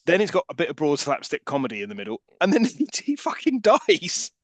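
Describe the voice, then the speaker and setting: Opinionated man with a lively voice. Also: fairly high pitch, fast talker, no echo. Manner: opinionated, swears casually. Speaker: podcast co-host. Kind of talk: casual film discussion.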